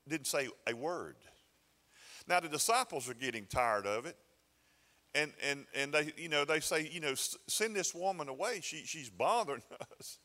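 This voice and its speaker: Pastor preaching with bright church reverb. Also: male voice, a little high. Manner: conversational preaching with repeated restarts and folksy asides. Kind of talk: sermon. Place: church sanctuary.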